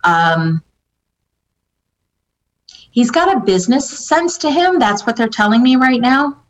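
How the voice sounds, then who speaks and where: A woman's voice: on the high side, big pitch swings, slow pace. A woman giving a psychic reading in a casual, hesitant way, full of fillers and restarts as she relays what the spirits tell her. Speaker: psychic medium answering viewer questions. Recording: dull lo-fi recording.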